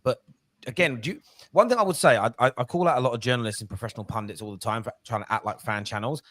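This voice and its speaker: A man from England hosting a casual football podcast, animated and ranting, swearing freely. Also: medium pitch, fast, no room sound. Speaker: podcast host.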